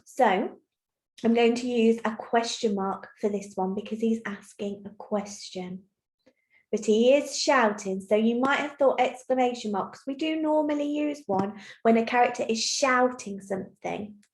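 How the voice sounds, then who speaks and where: Teacher, female, fairly high voice, patient and clear with young kids, recorded on a computer mic in an echoey room. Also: unhurried, a little mellow. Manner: clear, patient, encouraging explanation. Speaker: primary school teacher. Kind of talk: recorded online lesson for young children. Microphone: computer mic while screen sharing.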